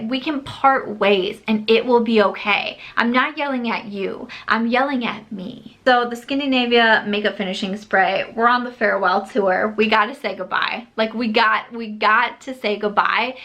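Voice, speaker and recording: A woman's voice: on the high side, pushed and bright. A woman beauty vlogger chatting casually to camera, emphatic and scolding herself with mock exasperation. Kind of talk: casual vlog chat.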